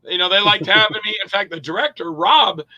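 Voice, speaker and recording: Male actor-director guest, sharp bright tone, slightly high, loose storyteller who plays out the dialogue. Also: fairly quick, muffled recording. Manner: lively storyteller who acts out other people's lines; loose and rambling, with profanity. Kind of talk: casual anecdote-telling in an interview.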